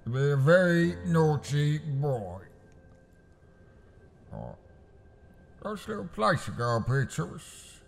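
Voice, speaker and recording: A man voicing a menacing middle-aged London gangster with a Cockney accent, a deep croaky throat voice and a blunt, swearing drawl. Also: sing-song, slow pace, pauses often, faint music behind, heavily acted. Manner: swearing, drawling, probing questions.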